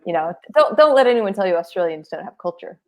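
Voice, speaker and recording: A woman co-hosting a podcast in casual chat, telling stories in a lively, animated way. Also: mid-range voice, fast. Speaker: podcast co-host.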